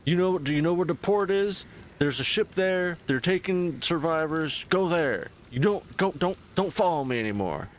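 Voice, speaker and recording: A man's voice: fairly high pitch, animated, moderate pace, voice pushed up, lightly acted. A man doing an irritated young woman who wants a stranger gone, her voice raised and curt. She sounds short on patience, over a faint noisy background. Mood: exasperated. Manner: curt, exasperated.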